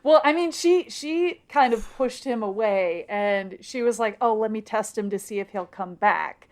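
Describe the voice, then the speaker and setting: A woman co-hosting a casual podcast, retelling a book's plot and slipping into quick quoted voices. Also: fairly high pitch. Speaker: podcast co-host. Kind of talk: casual book recap chat.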